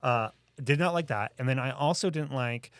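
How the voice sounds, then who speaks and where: A man co-hosts a casual podcast chat, his mid-range voice sounding dry and close to the microphone. He talks eagerly, rushing ahead in quick bursts. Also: mid-range voice, a bit bright, clean tone, dry recording. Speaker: podcast co-host.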